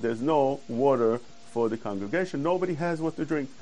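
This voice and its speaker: Fast-talking man teaching Torah. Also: medium pitch, lively intonation, darkish tone, poor audio. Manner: fast, earnest, quotes Hebrew verses in a quick chant. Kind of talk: Torah class lecture.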